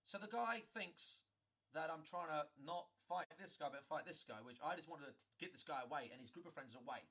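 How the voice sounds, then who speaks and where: A man telling a story in a vlog, emphatic and animated, often restarting his sentences. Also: a little high, brisk, slightly rough. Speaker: gaming video creator.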